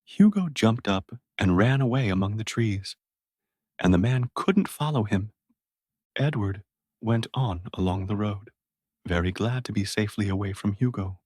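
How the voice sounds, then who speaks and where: A man narrating a classic story slowly and clearly for English learners. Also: lowish voice, animated, a little mellow, no echo, clean studio sound.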